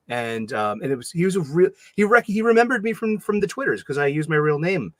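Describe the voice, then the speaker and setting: A man's voice: on the high side, brisk, hardly any pauses, no echo. Chatty Boston man with a dry close sound. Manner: rambling, animated storytelling with many restarts. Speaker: podcast co-host. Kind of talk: casual chat.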